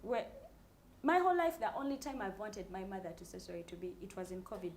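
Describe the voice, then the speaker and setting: Fast-talking Ugandan woman, lively storyteller. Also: mid-range voice, slight background noise. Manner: lively storytelling that mixes English and Luganda, laughing often. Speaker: co-host. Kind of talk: casual panel chat.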